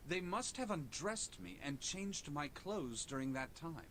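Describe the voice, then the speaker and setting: A poised young gentleman in a video game. He speaks formally and politely, with a lively, rising and falling pitch. A faint low rumble sits beneath him. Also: a little slow. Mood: calm.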